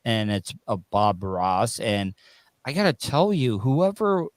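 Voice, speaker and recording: A man's voice: lowish voice, very animated, slow, no echo. A man from Florida with a Southern accent, hosting a casual podcast chat and rambling with many restarts. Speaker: podcast host.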